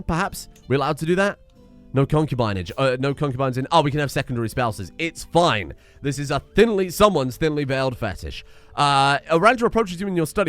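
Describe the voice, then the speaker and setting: Young male streamer, wry and sarcastic, animated pitch, mid-range voice; narrates game events between quips. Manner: wry, sarcastic asides while reading game text aloud. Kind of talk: let's-play commentary.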